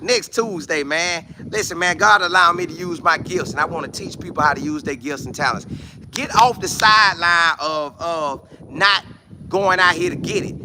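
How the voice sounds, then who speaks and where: A man vlogging outdoors with no studio, talking sports in an excitable, repetitive way full of preacher-like exclamations. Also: on the high side. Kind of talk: casual hyped-up monologue to camera.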